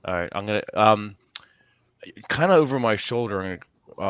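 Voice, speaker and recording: Joking man player, very deep voice. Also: lively intonation, moderate pace, a bit bright, clear, resonant tone, no echo. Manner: joking, playful. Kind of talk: tabletop game banter.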